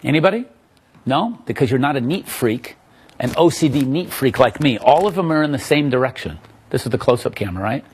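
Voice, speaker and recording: A man teaching magic to a live audience in a room, answering questions in a joking, animated, self-mocking way. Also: medium pitch, a little fast, breathy edge.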